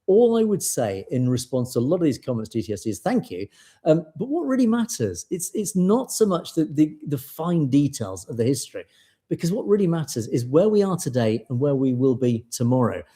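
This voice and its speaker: A British man hosts a live show and works through viewer comments in a loose, rambling way, often restarting his sentences. His voice is mellow and dark in tone, yet his pitch moves up and down a lot as he talks. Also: sing-song, a little fast. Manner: chatty, rambling, many restarts and fillers. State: voice tiring.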